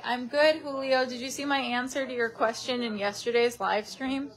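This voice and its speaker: A woman's voice: on the high side, moderate pace, few pauses. Chatty young woman live streaming. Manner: chatty, reads viewer comments aloud. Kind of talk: casual live stream chat. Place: room in her parents' house. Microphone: webcam.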